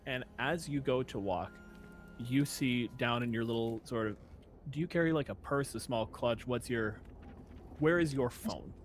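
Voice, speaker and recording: A male game master narrates a tabletop game in a loose, conversational way, leaning on fillers. His pitch sits in the middle, and faint music plays underneath. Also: normal speed. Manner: casual, filler-heavy narration.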